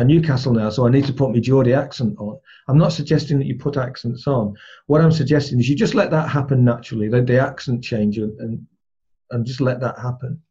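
A man's voice: mid-range voice, dark tone, slightly rough. Man teaching in a dull lo-fi recording. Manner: conversational, explains with everyday examples. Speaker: trainer. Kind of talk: spoken lesson on rapport.

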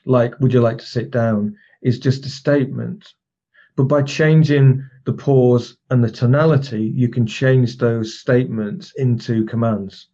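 A man's voice: medium pitch, steady tone, unhurried, warm tone, muffled recording. A man teaching a recorded lesson as a trainer, explaining techniques step by step with demonstration phrases and frequent restarts.

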